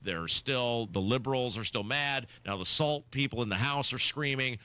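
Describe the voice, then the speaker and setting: A man's voice: mid-range voice, normal speed, bright, forceful tone, smooth. A man co-hosting a talk radio show, giving blunt, sarcastic opinion commentary from a studio microphone.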